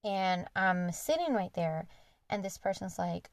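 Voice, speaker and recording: A woman's voice: mid-range voice, expressive, measured pace, dry recording. A young woman hosting a podcast, candidly retelling a personal story in an earnest, conversational monologue. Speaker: podcast host.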